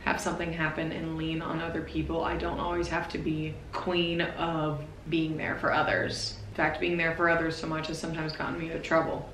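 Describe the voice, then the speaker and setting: A woman in her twenties talking to camera in a personal vlog, nervous and emotional, speaking haltingly. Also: low-pitched, completely flat delivery, fairly bright tone, reverberant, a little hiss or hum, low-quality recording. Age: 20s. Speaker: vlogger.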